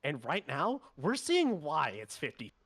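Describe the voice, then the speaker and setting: A male esports analyst with a slightly high, lively voice that rises and falls freely. He breaks down what each team is doing and stumbles on his restarts. The sound is dry and close, like a headset mic. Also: unhurried, slightly rough, no echo. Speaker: esports co-caster.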